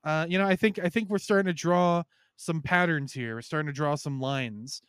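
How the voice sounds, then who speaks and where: A man co-hosting a comedy movie podcast, joking around and laughing often. His voice is smooth and fairly high, and it sounds dry and close to the mic. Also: moderate pace, a bit bright, no echo. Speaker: podcast co-host.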